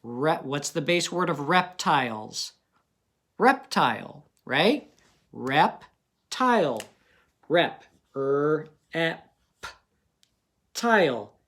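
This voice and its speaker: Slow, patient male phonics teacher. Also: a little high, animated, fairly bright tone. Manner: slow, patient, sounding out words and asking questions. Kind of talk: phonics lesson for young pupils.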